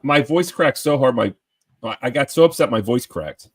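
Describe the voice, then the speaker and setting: A man chatting casually on a panel call, rambling and excitable, often tripping over his words. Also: medium pitch, moderate pace, breathy edge. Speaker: panel guest.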